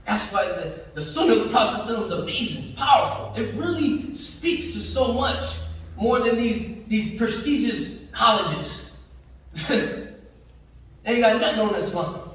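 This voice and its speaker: In an echoey mosque hall, heard from far off, a preacher gives the Friday sermon in a high, animated, slightly bright voice at a moderate pace. He speaks emphatically and slangily, pausing to act out voices from daily life.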